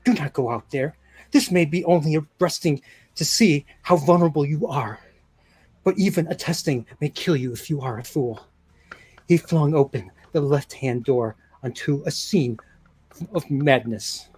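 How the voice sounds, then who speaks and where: A man voicing an impression of a famous actress narrating an audiobook in an affected, drawn-out reading voice. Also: on the high side, darkish tone, breathy edge. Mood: affected narration.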